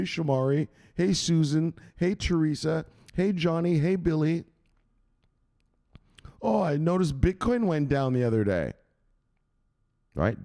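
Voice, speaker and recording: A man's voice: fairly low pitch, dark tone. A man hosting a crypto channel, giving a coarse, swearing motivational rant and constantly asking "right?".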